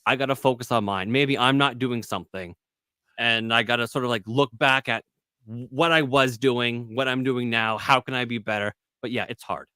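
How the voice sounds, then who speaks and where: A man chatting casually as a guest on a live stream about making online content. He rambles, restarts often, and acts out other voices with sudden high jumps in pitch. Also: fairly even intonation, moderate pace, bright, forceful tone, clean tone, no room sound.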